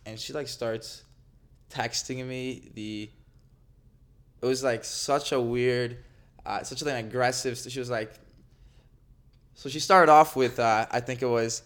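A man's voice: medium pitch, steady tone, slow, pauses often, a bit bright. A young man, a podcast guest, telling a dating story in casual chat with lots of filler words. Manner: rambling storyteller, many fillers.

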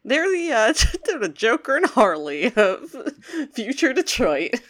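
A woman's voice: fairly high pitch, sing-song, measured pace, a bit bright. A woman co-hosting a podcast, joking and chatting enthusiastically while recapping a cartoon episode. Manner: playful, jokey, enthusiastic asides. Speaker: podcast co-host.

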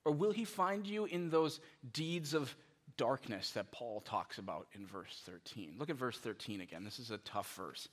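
A man preaching a sermon as pastor, animated and conversational, with many rhetorical questions. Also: mid-range voice, moderate pace.

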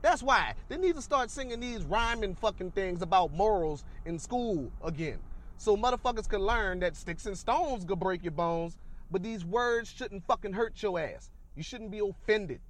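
A man delivering a loud, profane, worked-up comedic rant on a podcast. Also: high-pitched, lively intonation, moderate pace. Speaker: podcast ranter.

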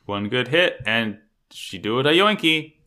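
A man excitedly recapping an anime episode in casual chat, swearing often and gushing like a fan. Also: medium pitch, unhurried.

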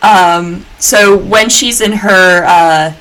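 A woman's voice: on the low side, fairly even intonation, extremely slow, a bit bright, slight background noise, low-quality recording. Chatty woman from Georgia. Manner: chatty, many fillers. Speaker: podcast guest. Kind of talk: casual chat.

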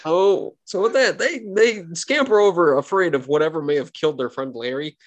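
A man's voice: a little high, moderate pace. A man narrating as game master in a tabletop game, chatty and full of fillers.

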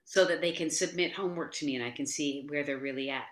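A woman's voice: deep voice, fast talker. A woman dance teacher as a guest, chatting animatedly and telling stories. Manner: animated storytelling, frequent "you know". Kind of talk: casual interview chat. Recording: roomy echo.

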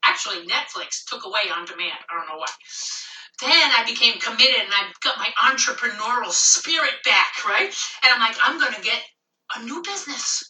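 A middle-aged woman comedian riffing in a loose stand-up monologue, swearing freely and laughing at her own lines. Her voice is high and very bright. It sounds like an echoey room, with the mic set a little away from her. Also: normal speed, distant mic, slight background noise. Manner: profane, animated, laughing at own jokes.

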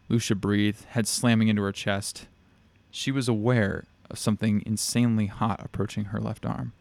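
A man narrates a dark fantasy story aloud, steady and measured. His voice sits on the low side, and the recording is close and dry, with no room sound. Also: vocal fry, no echo.

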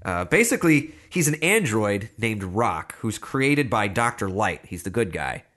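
A man's voice: on the low side, sing-song, unhurried, fairly bright tone. A man co-hosting a podcast in casual chat, rambling and searching for his words, swearing now and then. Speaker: podcast co-host.

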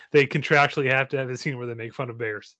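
A man in casual podcast chat, throwing in quick, playful remarks. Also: medium pitch, steady tone, sharp tone, dry recording.

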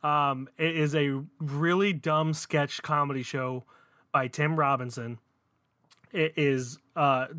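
A man chatting as a podcast co-host, loose and rambling, full of "uh" and "like". His middle-pitched voice sounds dry and close, with no room around it. He restarts his sentences often as he talks. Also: a bit bright, smooth, no echo. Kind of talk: casual chat.

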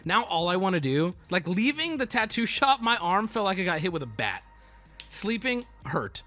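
Brief: high-pitched male streamer, casual and profane, acts out quoted voices. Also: expressive, moderate pace, bright, forceful tone, soft background music. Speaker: livestreamer. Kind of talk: casual storytelling to a stream audience.

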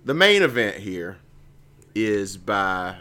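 A man's voice: takes it slowly, smooth. A man co-hosting a casual comedy podcast, joking and laughing often as he chats. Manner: joking, laughs often, lively swings in pitch. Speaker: podcast co-host.

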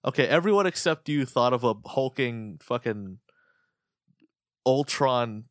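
A man's voice: medium pitch, expressive, no echo. Joking man, dry close mic. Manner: crude, joking, fast storytelling. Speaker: podcast co-host. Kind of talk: casual chat.

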